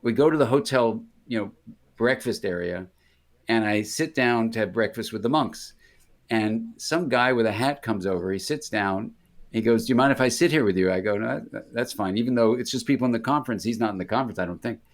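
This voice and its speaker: A man's voice: fairly low pitch, a little fast. Older man telling rambling anecdotes. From United States. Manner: rambling, self-interrupting, acts out voices in anecdotes. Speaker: interview guest, psychiatrist. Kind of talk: casual conversational storytelling.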